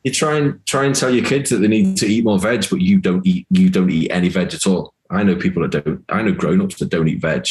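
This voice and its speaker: Man, deep voice, podcast guest, blunt, emphatic, swears. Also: fairly quick, few pauses, a little mellow. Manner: blunt, emphatic, swears, acts out others' thoughts. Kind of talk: casual podcast conversation.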